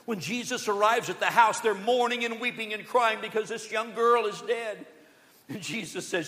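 A man preaching a sermon from a church sanctuary, telling stories with quoted voices and swinging between loud declarations and hushed asides. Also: high voice, moderate pace. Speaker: pastor. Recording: long church hall reverb.

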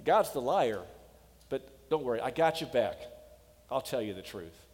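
A man's voice: medium pitch, animated, measured pace, darkish tone, lightly acted. A man voicing a scornful, deceiving male devil who talks in an insistent, coaxing way. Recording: long hall reverb.

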